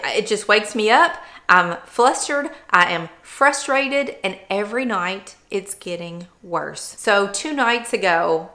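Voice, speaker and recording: A woman's voice: medium pitch, bright, forceful tone. A woman vlogger talking candidly and earnestly about her personal experience. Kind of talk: personal vlog chat.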